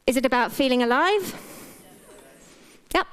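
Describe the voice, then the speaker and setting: Middle-aged British woman, doctor on stage; frank and playful, smooth voice pitched a touch high. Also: lively intonation, measured pace. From Britain. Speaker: doctor and speaker. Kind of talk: motivational stage talk.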